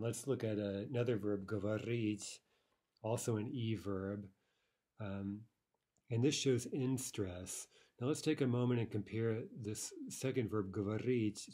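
A man's voice: fairly low pitch, darkish tone. A man teaching a language lesson, explaining step by step with frequent fillers and "right?" checks. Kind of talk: screen-recorded lesson walkthrough.

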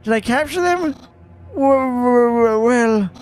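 Guy putting on a high, squeaky skeleton guard, out of breath, swings all over, game music faint behind. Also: lively intonation, slow pace, a little mellow, a little hiss or hum, exaggerated voice. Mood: eager reporting. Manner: shrill, breathless, stammering delivery.

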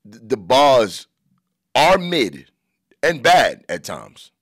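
A man's voice: mid-range voice, sing-song, very slow, no echo. A man hosting a podcast alone, a comedian giving crude, joking commentary from his own studio. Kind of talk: casual podcast monologue.

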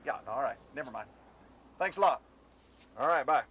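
An actor playing a dry, sarcastic fiancé on a road trip who bursts into yelling. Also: male voice, mid-range voice, expressive, fairly quick, noisy background, close to an everyday voice. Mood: polite. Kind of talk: comedy sketch acting.

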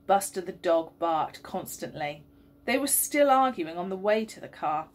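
A woman, a teacher reading a story aloud and leading school worship in a gentle, expressive way. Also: lowish voice, a little slow. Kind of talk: storybook reading and assembly talk.

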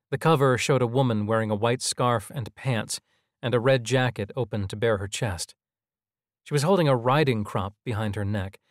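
A man narrating a scripted audio drama in an even, measured storytelling manner. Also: mid-range voice, no room sound, studio quality.

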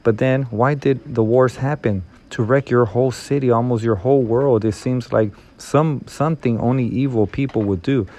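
A man's voice: medium pitch, normal speed, hardly any pauses, warm tone, close to an everyday voice. A man reading the lines of a frightened, curious young girl who asks anxious questions.

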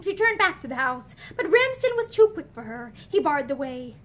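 A woman's voice: high voice, very animated, moderate pace, fairly bright tone. Woman reading a novel aloud expressively. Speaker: reader. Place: indoor room with bookshelves.

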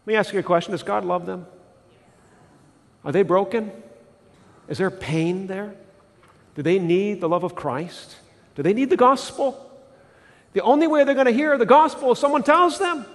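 A male pastor preaching a sermon in an animated way, putting questions to the congregation. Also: high voice, normal speed, long pauses, long reverb tail. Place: church sanctuary.

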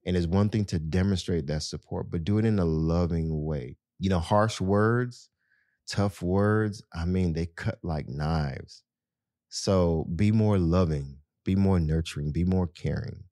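A man's voice: low voice, measured pace, warm tone, dry recording, clean studio sound. A man hosting a podcast, talking casually and earnestly to his listeners with lots of "you know". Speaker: podcast host. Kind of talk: casual advice talk to listeners.

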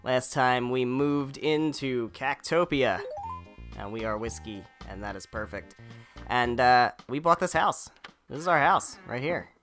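A jokey, rambling man talking through a village video game for his channel, with a mid-range voice and a self-deprecating streak. Faint game music plays softly underneath. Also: mid-range voice, expressive, unhurried. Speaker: gaming channel host. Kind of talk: let's play commentary.

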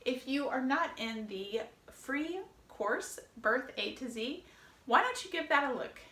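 A woman birth educator giving a friendly, lively video lesson on labor, with fillers and small laughs. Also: high voice, measured pace, echoey room.

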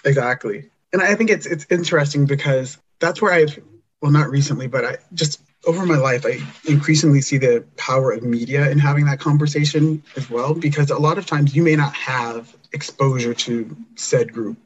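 A man from Los Angeles, a podcast guest, chatting casually and telling an animated story where he acts out the other people. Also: medium pitch, moderate pace, a little hiss or hum. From Los Angeles, USA. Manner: animated storyteller, quotes others in changed voices. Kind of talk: casual conversation. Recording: dull lo-fi audio.

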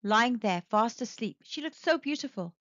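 A woman reading a children's storybook aloud, expressive and animated. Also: fairly high pitch, normal speed, dry recording, dull audio.

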